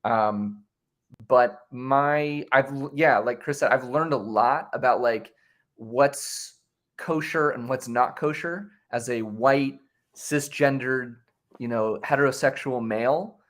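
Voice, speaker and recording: A man speaking as a guest on a live stream, an improv performer talking in a relaxed, chatty way. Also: medium pitch, slow pace. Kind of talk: casual conversation.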